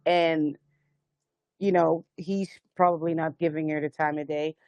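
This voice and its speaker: A woman's voice: deep voice, little pitch movement, a little slow, darkish tone, dry recording, muffled recording. A woman hosting a live spiritual stream, telling stories earnestly and rambling with many restarts, urging listeners to stand strong. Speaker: host of a live sound healing stream. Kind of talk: spiritual livestream talk.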